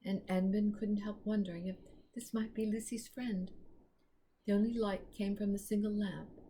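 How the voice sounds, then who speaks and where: A woman reading a children's book chapter aloud in a measured way. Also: mid-range voice, level tone, mellow, slight background noise. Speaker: storyteller.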